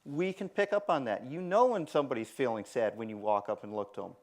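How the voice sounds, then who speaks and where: A man giving a conference talk on careers, animated and acting out the voices he quotes. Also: medium pitch, fast talker. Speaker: conference speaker. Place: conference room.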